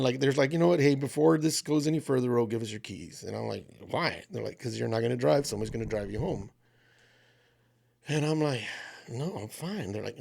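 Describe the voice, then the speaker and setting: Gravelly man telling a rowdy story. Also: mid-range voice. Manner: animated, profane storytelling. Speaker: podcast co-host. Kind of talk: casual chat, storytelling.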